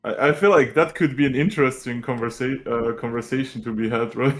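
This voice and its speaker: A man's voice: medium pitch, steady tone, a little fast, fairly bright tone, faint music behind. A man playing a tabletop game, talking casually and chattily, often checking with the group. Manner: chatty, keeps asking "right?". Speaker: player.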